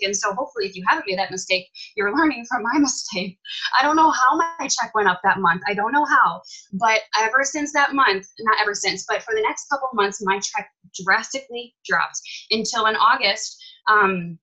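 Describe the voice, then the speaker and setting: A young woman candidly telling her personal comeback story in an animated, emphatic way. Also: on the high side, poor audio. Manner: animated, emphatic, swears casually.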